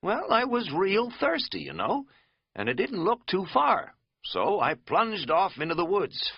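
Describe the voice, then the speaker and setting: A man's voice: sits high, wildly swooping pitch, unhurried, creaky, husky, no room sound, highs cut off, voice pushed up, full character voice. A man voicing a rambling, folksy middle-aged American man who talks in a chatty, self-mocking drawl.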